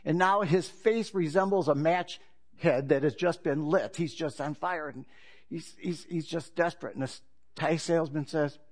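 A male pastor preaching a sermon in a relaxed, conversational storytelling manner, opening with a joke. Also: a little high, normal speed.

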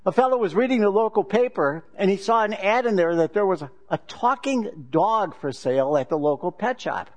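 A man's voice: high-pitched, animated, a little fast, few pauses. A man giving a sermon, telling a joke and then a candid, self-deprecating personal confession.

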